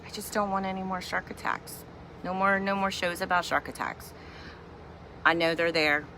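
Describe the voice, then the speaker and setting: A woman's voice: on the low side, flat delivery, moderate pace, pushed and bright, slight background noise. A middle-aged woman and mother from Virginia, ranting in a chatty, exasperated, humorous way in a casual vlog at home. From Virginia, USA. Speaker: vlogger and mother.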